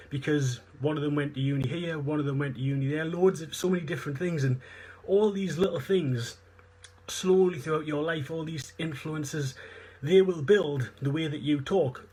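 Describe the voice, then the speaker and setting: Speaking in a slightly high voice with a darkish tone and a breathy edge, this man has a Northeast English accent. As a fitness coach in a live online seminar, he explains earnestly, circling back over points with plenty of fillers.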